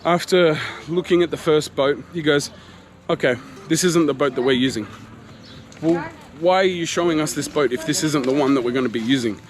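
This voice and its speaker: A man's voice: on the high side, a little fast. Man in his thirties venting. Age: 30s. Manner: animated, exasperated retelling with quoted exchanges. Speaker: travel vlogger. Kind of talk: casual storytelling to camera. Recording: faint street noise behind.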